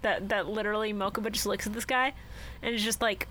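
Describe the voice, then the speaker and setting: A woman's voice: medium pitch, fairly quick, slight background noise. A woman co-hosting a podcast, talking casually and giggling as she retells scenes. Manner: giggly, animated storyteller. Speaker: podcast co-host. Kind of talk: casual chat.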